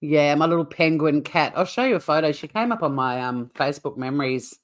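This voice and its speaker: A woman's voice: sits low, a little fast. An Australian woman hosting a casual livestream, chatting to viewers in a rambling way with frequent laughs. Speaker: livestream host.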